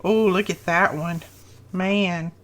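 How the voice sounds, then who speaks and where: Slow-talking, gushing woman unboxing crafts. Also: fairly low pitch, fairly even intonation, fairly bright tone. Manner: gushing, effusive; slow, lingering delivery. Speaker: crafting channel host. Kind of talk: unboxing happy mail.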